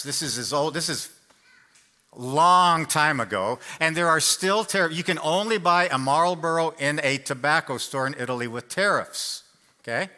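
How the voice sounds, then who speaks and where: A male pastor delivers a sermon in a church with a very bright, forceful voice. He speaks in a fairly high register and tells stories conversationally, teasing his listeners. The delivery stays loose and chatty rather than formal. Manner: conversational storytelling, jokes with the congregation. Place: church sanctuary.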